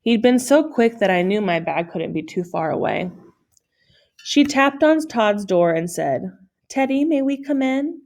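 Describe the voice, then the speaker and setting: A woman's voice: mid-range voice, sing-song, unhurried, vocal fry, darkish tone. A woman reading a children's novel aloud in plain storytelling style, with small slips that she corrects. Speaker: audiobook reader.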